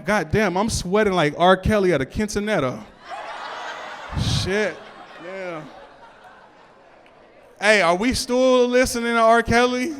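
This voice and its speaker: A man with a high, fairly bright voice performs stand-up on a club stage, loose and conversational, and freestyles raps too, saying "you know what I'm saying" a lot. The recording has slight background noise plus hall reverb and music.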